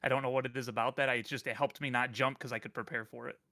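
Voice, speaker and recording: Man co-host, laid-back, bright tone, jokey; casual stream chat. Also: medium pitch, flat delivery, very fast. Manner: laid-back, laughs at his own jokes.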